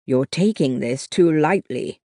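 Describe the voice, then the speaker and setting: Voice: mid-range voice, animated, a little slow, mellow, no echo. An audiobook narrator voicing a stern, protective young man who speaks in clipped phrases, in a dry, close recording.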